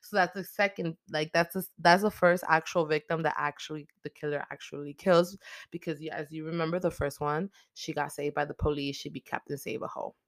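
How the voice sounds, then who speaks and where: Profane, animated woman recapping a movie. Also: low voice, fairly quick, no echo, studio quality. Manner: profane, animated, slangy storyteller. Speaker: host.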